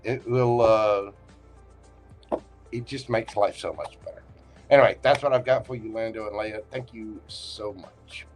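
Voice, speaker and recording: A man's voice: fairly low pitch, fairly even intonation, measured pace, soft background music. A man with a Southern accent hosting a livestream tarot reading, talking in a folksy, joking and reassuring way. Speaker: tarot reader and livestream host.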